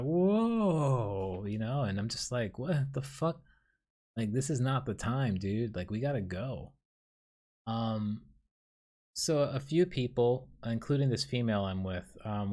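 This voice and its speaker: A young man from New City, hosting a casual solo podcast and telling a dream in a rambling, profane, self-deprecating way. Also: lowish voice. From New York City. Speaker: podcast host.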